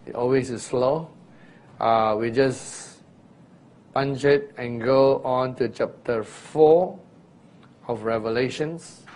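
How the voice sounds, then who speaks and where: A man teaching a Bible sermon in an unhurried, deliberate way, pausing to quiz his listeners and breaking into sudden loud sound illustrations. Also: mid-range voice. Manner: asks listeners questions directly. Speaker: preacher.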